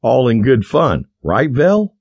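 A man voicing a playful man who mimics a prim lady in a high, twittering falsetto. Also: big pitch swings, takes it slowly, darkish tone, no echo, dull audio, exaggerated voice. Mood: campy.

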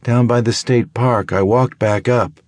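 A guarded young woman in her twenties, as a male narrator puts her on, speaking quietly but firmly and giving little away. Her voice is lifted above the narrator's own, read close and dry. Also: mid-range voice, fairly even intonation, measured pace, no room sound, pitched above the performer's own voice, lightly acted. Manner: quiet but firm, evasive.

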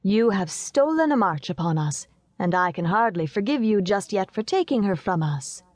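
A woman voicing a gentle, affectionate young wife who speaks softly and earnestly in an audiobook. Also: mid-range voice, very animated, moderate pace, dry recording.

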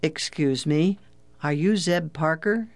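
A man's voice: a little high, slow pace. A narrator voicing a polite, eager father of two boys.

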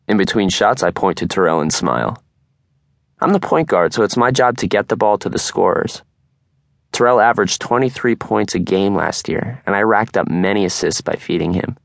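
A young man narrating an audiobook in the first person, calm and steady in a close studio recording. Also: fairly low pitch, normal speed, creaky, dry recording.

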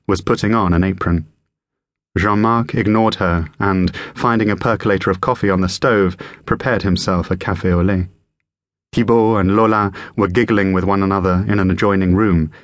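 This scripted thriller audiobook is narrated by a man with a low-pitched voice who keeps his delivery measured and even. The studio sound is clean, with no room sound.

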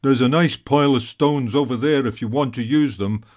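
A man's voice: medium pitch, normal speed, a little mellow, natural voice. A man voicing an easygoing older male black Labrador who talks in a grumbling, wry way, in a storybook. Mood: gruff, wry.

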